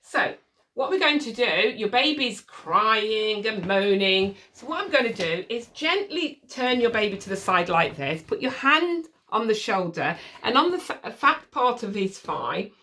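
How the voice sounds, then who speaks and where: Calm woman coaching parents, distant mic. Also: on the high side, measured pace. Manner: calm, patient, reassuring, demonstrates shushing. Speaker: baby sleep consultant. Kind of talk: instructional demonstration. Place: room with a changing mat set up as a crib.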